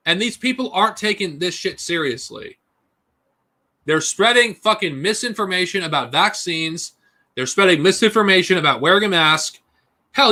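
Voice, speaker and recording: A man's voice: high voice, pushed and bright. A man ranting angrily and profanely on a live stream. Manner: angry profane ranting, mocking put-on whines.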